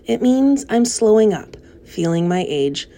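A woman doing a weary, gentle old spider. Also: mid-range voice, big pitch swings. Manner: soft, slow and subdued. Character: wise, tired female spider, gentle and weakening. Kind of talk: storybook character reading.

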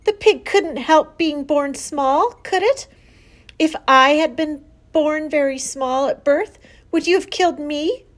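A woman voicing a passionate, stubborn eight-year-old farm girl in a storybook read-aloud, crying out in shrill pleas. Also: slow pace. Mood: distraught, pleading. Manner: shrill pleading cries.

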